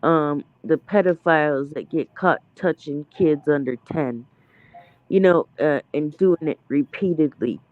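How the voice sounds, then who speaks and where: A man's voice: on the high side, measured pace, no echo. A man in a casual debate, hedging and restarting as he explains what he means. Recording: dry, phone-like sound.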